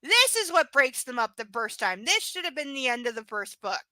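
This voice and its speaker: Blunt, bright-voiced woman book reader. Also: high voice, sing-song, normal speed, dry recording. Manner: blunt, sarcastic, swears freely. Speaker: host reading a novel aloud. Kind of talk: live reading with casual commentary.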